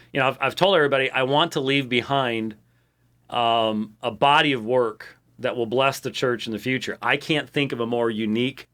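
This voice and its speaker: A fairly bright, medium-pitched male voice carries this casual monologue from an American host of a ministry program. He rambles to his show's audience, repeatedly restarting and filling pauses.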